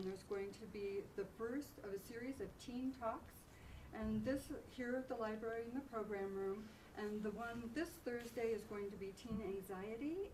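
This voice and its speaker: Event host, woman, plain and slightly halting delivery, distant mic, noisy room. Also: mid-range voice, darkish tone. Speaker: event host, introducing a speaker. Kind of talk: announcements and introduction.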